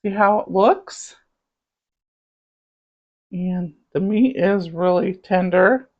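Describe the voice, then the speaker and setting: In her home kitchen, a woman with a light Southern accent and a medium-pitched voice cooks slowly and chats casually, humming as she savors each bite. She's a cooking channel host giving a relaxed demonstration, captured on a dull, lo-fi recording.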